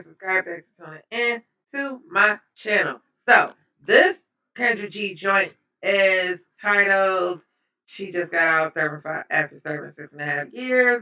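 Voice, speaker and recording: A woman hosting her own reaction channel, chatting casually and repeating herself as she opens a video. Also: fairly low pitch. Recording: roomy, distant, dull sound.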